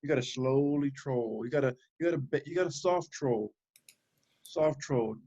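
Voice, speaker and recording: A man co-hosting a podcast who throws in quick joking quips in casual banter. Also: mid-range voice, dark tone, highs cut off. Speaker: podcast co-host.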